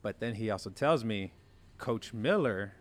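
A young man with a fairly low voice tells his stories in a relaxed, chatty way. He acts out the quoted lines, jumping up in pitch and volume whenever he imitates someone. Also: measured pace, soft background music. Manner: animated storyteller, acts out quotes with big jumps in pitch. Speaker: former college quarterback guest. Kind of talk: casual storytelling chat.

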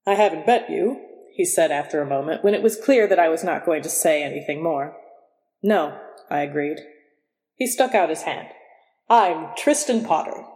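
A woman narrating a story in the first person, in a dry, measured and wry way. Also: fairly low pitch, darkish tone, in a large hall. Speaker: audiobook reader.

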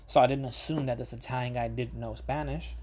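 New guy rambling thru a story on his podcast, mellow low-key voice, lots of ums and side tangents. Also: fairly even intonation, fairly quick. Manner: rambling and conversational, swears casually, many ums and asides. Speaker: podcast host. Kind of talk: casual storytelling monologue.

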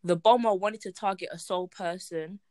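A young woman co-hosting a film review chat, animated and frank, laughing often. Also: fairly low pitch, fairly quick, no echo, studio quality. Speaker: podcast co-host reviewing films. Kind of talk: casual chat.

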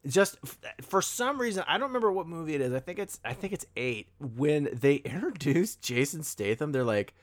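A man's voice: on the high side, moderate pace, few pauses. A young man co-hosting a casual movie podcast, rambling and correcting himself as he talks. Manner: rambling, self-correcting, animated when excited. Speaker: podcast co-host.

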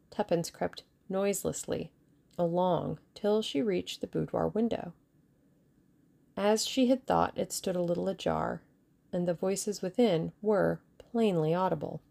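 A woman giving steady audiobook narration of a mystery novel. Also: lowish voice, creaky.

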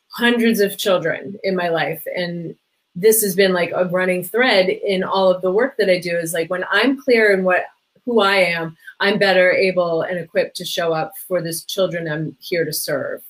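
A woman's voice: fairly low pitch, poor audio. Chatty middle-aged woman full of "like". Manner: chatty, many "like" fillers, acts out quoted voices. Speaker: podcast guest, parenting coach. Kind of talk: casual conversation.

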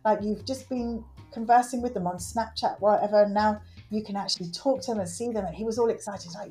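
Earnest woman, mellow voice. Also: medium pitch, a little fast, few pauses, faint music behind. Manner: earnest, animated, acts out quotes. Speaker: guest, works with children. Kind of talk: conversational interview.

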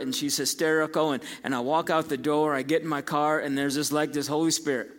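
A man, preaching a sermon as pastor and telling stories that build to loud, emphatic peaks. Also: a little high, fairly even intonation, quick pace, hardly any pauses. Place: church sanctuary. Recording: long church hall reverb.

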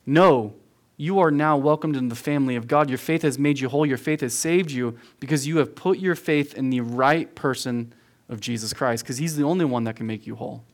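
A man's voice: mid-range voice, a little fast. A man preaching a verse-by-verse sermon as a youth pastor, earnest and emphatic, repeating phrases for stress and calling his listeners "guys". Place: room with a youth audience.

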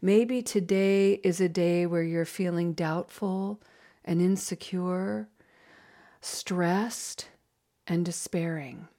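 Woman meditation facilitator, unhurried, lowish voice, gentle and reflective, guided meditation talk. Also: fairly even intonation.

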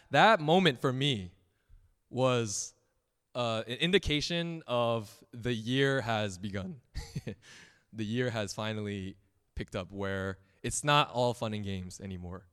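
Animated young man preaching in a hall. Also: mid-range voice. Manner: animated, laughs often, acts out quoted voices. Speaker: pastor. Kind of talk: casual sermon with personal stories. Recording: long hall reverb.

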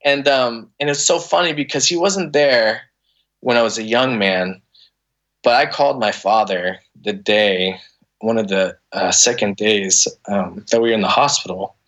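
A man's voice: on the low side, a little slow, a bit bright, highs cut off. A man in his thirties, a podcast guest, telling an emotional personal story in a candid, conversational way, earnest and full of restarts and fillers.

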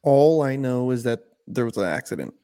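A man's voice: mid-range voice, very animated, normal speed, dark tone, no room sound, clean studio sound. A man co-hosting a casual podcast, telling loose profane stories full of "bro" and "like". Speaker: podcast co-host. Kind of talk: casual chat.

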